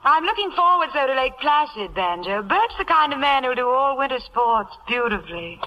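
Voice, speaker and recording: A woman playing a vain, glamorous stage actress in a vintage radio drama, with an affected, breathy delivery. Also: sits high, big pitch swings, moderate pace, dull audio. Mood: gushing. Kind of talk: 1940s radio acting. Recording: old radio broadcast with faint hiss.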